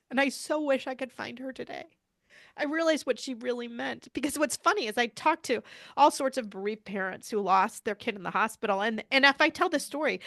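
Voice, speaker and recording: A woman's voice: high voice, fairly bright tone, no echo, clean studio sound. A middle-aged woman, a pediatrician, telling a personal story in an interview with earnest, searching speech and frequent restarts. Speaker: pediatrician and bereaved mother, guest.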